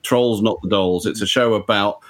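Chatty comedian, rambling. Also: male voice, lowish voice, steady tone, moderate pace. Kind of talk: casual conversation.

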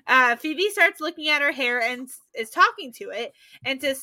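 A woman's voice: high voice, expressive, slow, sharp tone. A woman co-hosting a podcast, recapping a sitcom episode in casual chat and laughing often as she narrates. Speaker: podcast co-host.

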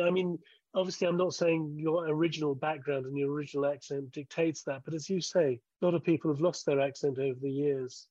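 A man's voice: fairly high pitch, dark tone, no echo. Man in his sixties on a muffled line. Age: 60s. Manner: measured, thinks aloud with restarts. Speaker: guest, former broadcaster. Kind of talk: conversational interview.

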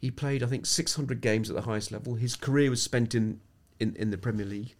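A man's voice: medium pitch, fairly even intonation, brisk. A middle-aged man from England, a sports psychologist speaking as a podcast guest, reflective and anecdotal, often restarting his sentences. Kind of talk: podcast interview storytelling.

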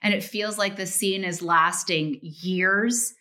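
A woman guest chatting in an interview, telling stories in a lively, animated way and acting out quotes. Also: medium pitch, takes it slowly. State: tearful. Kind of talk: casual interview chat.

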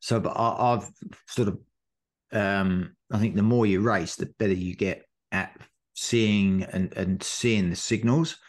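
A man on a podcast, chatting casually and telling an animated race story full of acted-out quotes. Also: on the low side, unhurried. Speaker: podcast co-host, marathon runner. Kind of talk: casual chat recounting a race.

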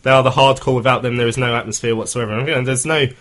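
A man's voice: medium pitch, steady tone, a bit bright. A man hosting a football phone-in radio show, chatting casually with lots of fillers and restarts. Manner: quick, hesitant, many fillers.

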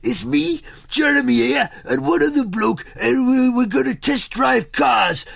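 A man's voice: very high-pitched, unhurried, creaky, a bit bright, pitched above the performer's own voice, full character voice. A man voicing a bossy, foul-mouthed older king. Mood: boastful.

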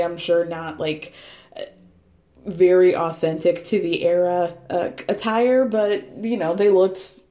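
A woman's voice: medium pitch, mellow. A young woman hosting a casual recap chat, talking in a sarcastic, chatty way and laughing often as she acts out what people said. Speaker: podcast host recapping a reality show. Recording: echoey room.

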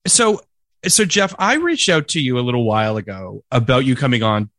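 A man's voice: mid-range voice, very animated, moderate pace, fairly bright tone, dry recording, studio quality. Hesitant male podcast co-host. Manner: hesitant, hedging. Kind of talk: casual podcast chat.

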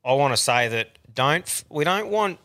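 A man's voice: a little high, expressive, normal speed, sharp tone. An Australian man hosting a podcast, rambling and swearing freely in crude casual banter. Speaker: podcast host.

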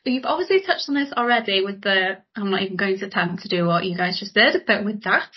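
A woman's voice: medium pitch, fast, breathy edge. A woman from North Wales, co-hosting a podcast in casual chat, giggly and self-conscious. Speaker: podcast host. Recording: dull lo-fi podcast audio.

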